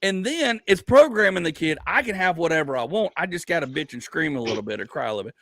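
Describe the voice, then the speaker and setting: With crowd noise in the background, a man speaks fast in a slightly high voice. The comedian hosting this casual podcast tells stories animatedly, rambling, restarting often, and swearing now and then.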